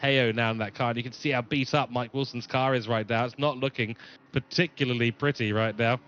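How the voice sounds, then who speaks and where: A man's voice: medium pitch, fairly even intonation, a little fast, fairly bright tone, highs cut off, slight background noise. A man from New Zealand with a mixed English and New Zealand accent, giving live race commentary and reading viewer chat aloud. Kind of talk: live sim-racing commentary.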